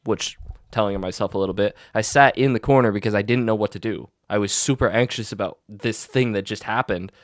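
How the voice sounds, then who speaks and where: A young man tells a long story with plenty of ums and restarts. His voice sits fairly low and sounds dry and close to the mic. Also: fairly quick, no room sound. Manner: rambling storytelling with many fillers and restarts. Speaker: podcast co-host. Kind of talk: casual chat.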